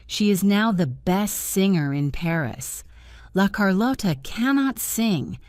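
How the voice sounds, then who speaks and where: A woman's voice: mid-range voice, animated, slow pace, darkish tone, dry recording. A woman voicing a threatening male opera ghost who makes demands in a letter.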